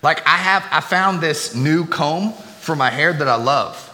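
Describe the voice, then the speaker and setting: A man's voice: a little high, measured pace, sharp tone, a little hiss or hum. A middle-aged man, preaching a sermon as a pastor, chatty and full of joking asides to the congregation. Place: church sanctuary. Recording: long hall reverb, faint room ambience.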